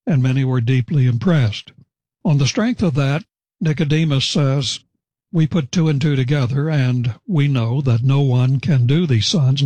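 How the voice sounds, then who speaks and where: A man giving expository Bible teaching in a measured, explanatory way, slowing down for emphasis. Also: mid-range voice, darkish tone, no room sound.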